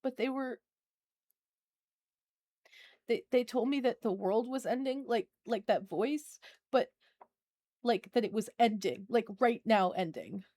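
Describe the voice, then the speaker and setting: A frightened little boy stammers and trips over his words, as a woman voices him in a tabletop game. His voice sits fairly high and is recorded dry and close, with no room around it. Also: moderate pace, a little mellow, no room sound, natural voice.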